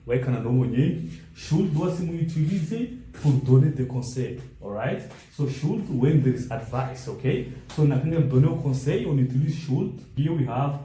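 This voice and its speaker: A man's voice: mid-range voice, warm tone, echoey room, low-quality recording. Man teaching grammar, mixing languages. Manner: reads example sentences slowly, switching between languages. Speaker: English teacher. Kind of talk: grammar lesson mixing English, French and a local language.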